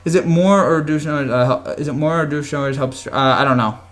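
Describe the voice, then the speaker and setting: A man hosts a casual live chat from home, answering viewer comments in a rambling way with frequent restarts and chuckles. His voice is on the high side and fast, but he keeps it quiet so he won't wake his family.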